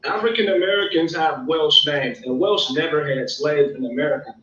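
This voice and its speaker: A man's voice: fairly high pitch, moderate pace, fairly bright tone, slight background noise. A man as a first-time guest in a heated debate, pleading and repeating himself, heard over distant, dull, echoey call audio. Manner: pleading, repeats himself, keeps saying "brother".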